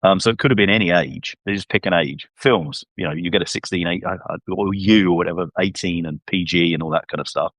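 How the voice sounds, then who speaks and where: A man's voice: low voice, fast, hardly any pauses, fairly bright tone, dry recording. A man hosting a podcast over a video call, talking casually and reasoning aloud with rhetorical questions. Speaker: podcast host. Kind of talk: casual conversational discussion.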